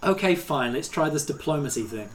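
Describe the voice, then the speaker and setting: A game master voicing a wary, cheeky female forest bird in a tabletop game, halting and chirpy in delivery. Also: medium pitch, expressive, a little hiss or hum, natural voice.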